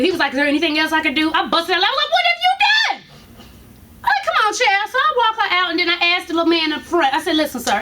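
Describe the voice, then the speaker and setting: A woman vlogger telling a story casually, animated and profane, laughing often as she goes. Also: sits high, heavy background noise.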